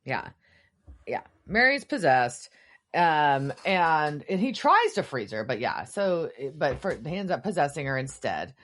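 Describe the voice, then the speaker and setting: A woman's voice: sits low, a little slow. A woman co-hosting a podcast, recapping a TV episode in casual chat and acting out the characters' lines. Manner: animated storytelling, swearing, acting out quotes. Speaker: podcast co-host.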